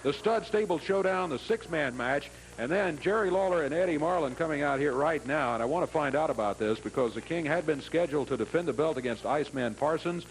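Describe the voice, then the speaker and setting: A man announcing wrestling on television from a studio, brisk and informative, with small restarts. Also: a little high, expressive, poor audio.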